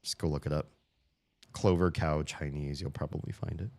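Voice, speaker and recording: Speaking at a normal speed, this very low-voiced man provides live commentary on a puzzle game he's streaming. He wanders from thought to thought, teases himself, curses in frustration, and yelps in high excitement whenever a puzzle clicks.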